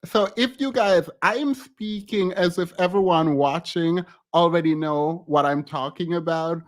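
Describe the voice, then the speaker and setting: A man's voice: a little high, unhurried. A man doing casual celebrity gossip commentary on his own channel, giggly and hesitant, often breaking off mid-sentence and starting over. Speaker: YouTube commentator.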